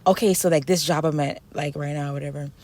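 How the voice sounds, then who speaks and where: A woman's voice: sits low, fairly even intonation, fast, dark tone. A young woman venting to her camera in a casual, profane rant, full of "like" fillers. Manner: profane, ranting, frequent "like" fillers. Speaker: vlogger.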